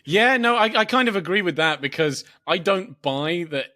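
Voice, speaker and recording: A man's voice: high voice, lively intonation, bright, forceful tone, dry recording, clean studio sound. A man who reviews films, chatting casually and joking on a podcast. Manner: laid-back, joking, drawn-out opinions. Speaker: film critic podcast host.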